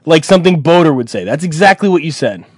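A man's voice: a little high, sing-song, quick pace, husky, no echo. A man hosting an internet call-in radio show, joking crudely and swearing freely. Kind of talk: casual call-in chat.

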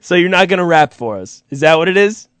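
Guy hosting a comedy chat, high voice, teasing, dry sound. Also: animated, fast talker, a bit bright, smooth, no echo. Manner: teasing, laughs often. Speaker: host.

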